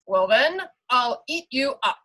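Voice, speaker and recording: Woman doing a slow booming troll. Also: animated, pushed and bright, heavily acted. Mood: menacing. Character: big ugly hungry troll under a bridge.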